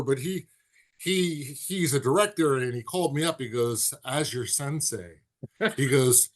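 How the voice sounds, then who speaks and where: A man chatting casually on a sports podcast, telling animated stories and dropping into quick impressions. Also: fairly high pitch. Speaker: podcast co-host.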